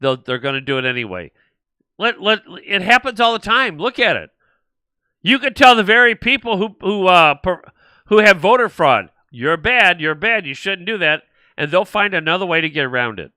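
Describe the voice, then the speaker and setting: A man's voice: high-pitched, sing-song, moderate pace, pushed and bright, smooth, no echo. An older man hosting a political talk show, blunt and rambling, mocking the people he talks about. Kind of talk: political commentary.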